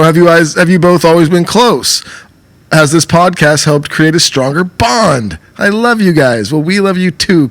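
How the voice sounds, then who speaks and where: A man's voice: on the high side, a bit bright. Laid-back man reading listener questions. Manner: laid-back, laughing, swears casually. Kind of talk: casual comedic podcast chat.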